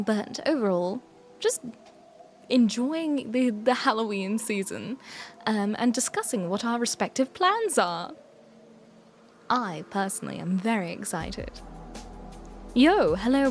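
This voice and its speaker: A young woman streaming live as a prim, self-important evil alter ego, with theatrical, old-fashioned phrasing. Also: fairly high pitch. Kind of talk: live stream character chat.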